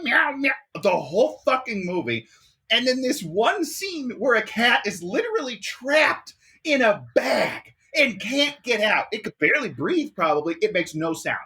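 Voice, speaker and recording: List: podcast co-host, bright sharp tone, exasperated rant, lively pitch, swears. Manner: exasperated ranting, swears often. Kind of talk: casual movie review chat.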